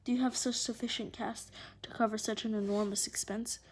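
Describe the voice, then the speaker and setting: A woman's voice: a little high, level tone, fairly quick, breathy edge. A woman reading aloud as a shady middle-aged man who threatens a family of kids in a storybook. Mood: menacing. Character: shady middle-aged male boat dealer, menacing.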